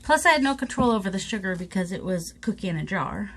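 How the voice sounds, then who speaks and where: A woman's voice: medium pitch, expressive, fast, fairly bright tone, slight background noise, rough recording. A woman chatting casually to viewers in a crafting vlog, rambling and self-mocking while she works at her table. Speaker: craft vlogger.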